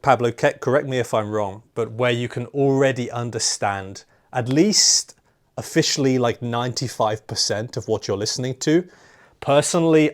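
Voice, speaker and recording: A man hosting an interview in a chatty, casual way, full of "like" and "you know". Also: medium pitch. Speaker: interview host. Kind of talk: conversational interview.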